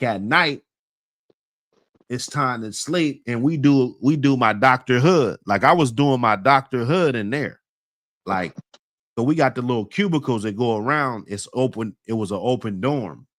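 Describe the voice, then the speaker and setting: A man spins a loose, rambling story in thick street slang, circling back with fillers and breaking into laughter along the way. His voice sits at an ordinary middle pitch. It is recorded dry, with no room sound around it. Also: fairly bright tone, no room sound. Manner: slangy, rambling, laughs often while telling. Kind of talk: casual storytelling.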